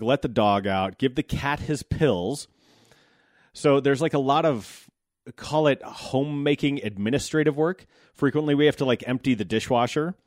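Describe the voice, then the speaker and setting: A man's voice: medium pitch, no echo, studio quality. A man in his thirties from the United States, a podcast host talking casually about his day in a loose, wry, profane way. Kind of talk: casual monologue.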